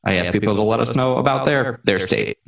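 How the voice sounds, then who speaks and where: A man's voice: fairly low pitch, fairly quick, gravelly. A man hosting a casual podcast, reading listener mail aloud and laughing. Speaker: podcast host.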